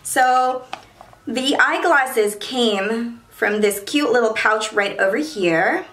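A young woman chatting casually in a beauty haul vlog, bubbly and excitable, often apologizing to her viewers. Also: fairly high pitch, slow pace. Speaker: beauty vlogger. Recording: roomy echo.

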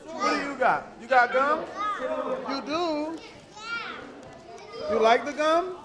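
A woman speaks in a high voice at a slow pace while filming a church kids' event on her phone. In the big, loud indoor hall full of chattering children, she jokes with the kids and teases them using slang.

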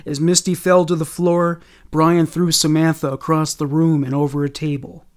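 A man reads a scripted true-story narration. He keeps a steady, measured storytelling delivery in a slightly high voice.

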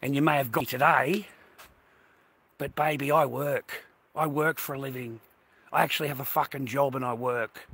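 Sharp, husky man ranting at viewers. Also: mid-range voice. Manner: indignant, swears constantly, talks straight to viewers. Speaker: vlogger. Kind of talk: profane to-camera rant. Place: outdoors on a walk.

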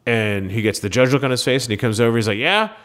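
A man's voice: fairly low pitch, fast. A man from Minnesota co-hosting a podcast, telling stories in casual chat and acting out the dialogue. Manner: animated storyteller, acts out quoted dialogue. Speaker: podcast co-host.

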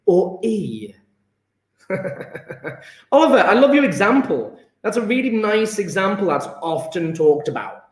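A man's voice: high voice, echoey room. A male chemistry teacher, teaching an enthusiastic, emphatic online lesson and calling on his students by name.

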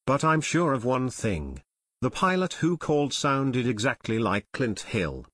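A man's voice: medium pitch, sing-song, a little slow, fairly bright tone, slightly rough, no room sound, heavily acted. A nervous middle-aged airport tower chief, as a male narrator reads him, trembling and frightened. The voice moves up and down a lot. It is close and dry, with no room sound. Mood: shaken. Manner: shaky, frightened delivery.

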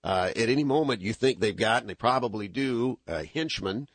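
Brief: male radio host, husky and dry-miked, animated, rambling commentary. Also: lowish voice, normal speed, no room sound. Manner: animated, rambling, frequent restarts and fillers. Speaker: radio talk show host. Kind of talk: conservative talk radio commentary. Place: radio studio.

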